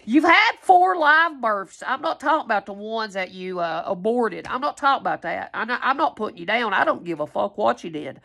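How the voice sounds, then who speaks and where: A woman's voice: a little high, expressive, normal speed, vocal fry, hardly any pauses, pushed and bright. An angry woman, ranting at her viewers in a heated, profane, confrontational way. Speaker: tarot reader vlogger.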